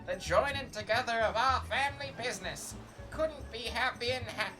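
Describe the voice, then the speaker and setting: A woman's voice: fairly high pitch, moderate pace, natural voice. A woman voicing a jovial, boastful old male merchant with folksy old-timey speech, over game music. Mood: hearty. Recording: music playing underneath.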